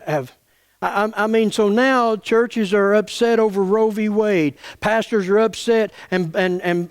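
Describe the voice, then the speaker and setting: A middle-aged pastor, preaching an angry, folksy sermon full of stammered restarts. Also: male voice, high voice. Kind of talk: fiery sermon.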